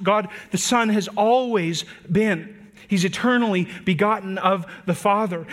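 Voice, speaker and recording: A man preaching a sermon to his church, earnest, slowing down and lifting his voice to stress key points, then dropping soft and quiet. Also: high voice. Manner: earnest preaching, slows and lifts voice for emphasis; drops to soft, quiet delivery on tender points. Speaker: pastor.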